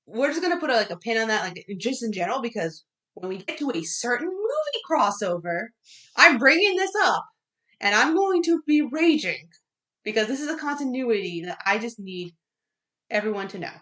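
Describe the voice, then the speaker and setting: A young woman with a slightly high voice, co-hosting a casual podcast. She recaps the movie in an animated, excitable way, stacking up fillers and side remarks as she goes. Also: normal speed. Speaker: podcast co-host. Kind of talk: casual chat.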